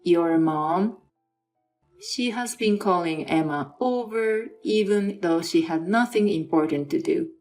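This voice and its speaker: A woman's voice: fairly low pitch, takes it slowly, a little mellow, faint music behind. A woman voicing a stern aunt who firmly scolds her nephew, in a scripted story reading. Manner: firm, scolding.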